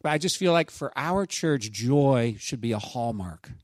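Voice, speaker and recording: A man preaching a sermon as pastor, in a conversational, animated way with asides to his congregation. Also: medium pitch, unhurried, no room sound.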